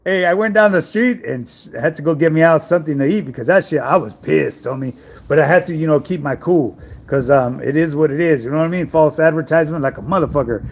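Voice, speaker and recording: A man's voice: on the high side, quick pace. A middle-aged man, an online fitness coach, chatting casually on a livestream and answering viewer messages in laid-back street slang.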